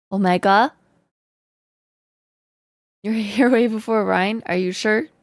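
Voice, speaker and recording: A woman streamer chatting casually with her viewers, greeting them and laughing often, her voice slightly hoarse. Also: medium pitch, very slow, dry recording, clean studio sound. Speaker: live streamer. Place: home in Canada.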